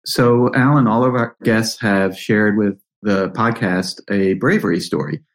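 A podcast host with a fairly low male voice puts questions to his guest in a measured way. He often sums up the key ideas for the listeners. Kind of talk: interview questions.

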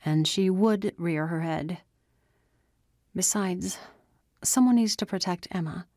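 Give me a woman doing a stubborn teenage girl, a debate champion backed into a corner, arguing hard and pushing her voice up high. It is a slow, dry storybook reading. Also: no room sound. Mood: subdued. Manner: insistent, argumentative, rising to yells.

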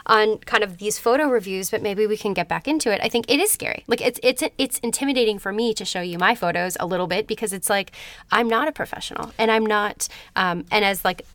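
A woman's voice: mid-range voice, quick pace, a bit bright, no echo. A young woman co-hosting a podcast, chatting in an agreeable, eager way and often affirming. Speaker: podcast co-host. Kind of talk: casual chat.

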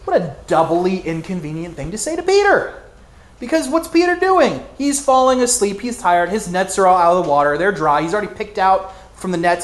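A man preaching in a loose storytelling manner, often stopping with "um" and starting over. His voice sits slightly high, and the room gives it a noticeable echo. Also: brisk. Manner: conversational storytelling, frequent fillers and restarts. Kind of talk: sermon.

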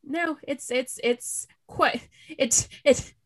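A middle-aged woman in casual chat, telling a story with halting restarts and giggles. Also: high-pitched.

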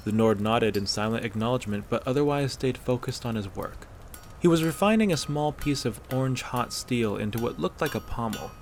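A man narrating a fan-fiction story aloud in a steady, measured way. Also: medium pitch, a little hiss or hum.

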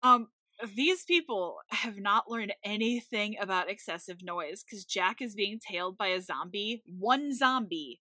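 A woman's voice: mid-range voice, expressive, measured pace, bright, forceful tone, no room sound. A woman co-hosting a casual movie podcast, recapping the plot with wry, sarcastic asides. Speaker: podcast co-host.

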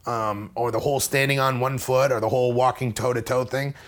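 A man's voice: mid-range voice, fairly even intonation, fairly quick. A man guest in an interview, telling a story in a rambling, self-mocking way with many restarts. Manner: acts out other people's lines in a raised voice. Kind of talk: casual conversational storytelling.

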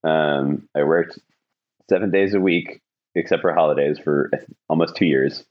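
A man's voice: extremely low pitch, measured pace, dull audio. A man hosting a podcast, telling a long anecdote in casual chat, rambling with many fillers and restarts. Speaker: podcast host.

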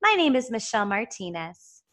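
Her voice a little high and sing-song, a fortysomething woman with a Southern US accent chats casually as a podcast co-host, laughing easily. She keeps a moderate pace and a fairly bright tone.

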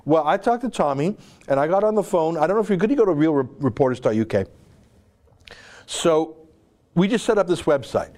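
A male host delivering an opinionated monologue with forceful, emphatic phrasing and rapid asides. His speaking voice sits a little high for a man. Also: lively intonation. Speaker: show host.

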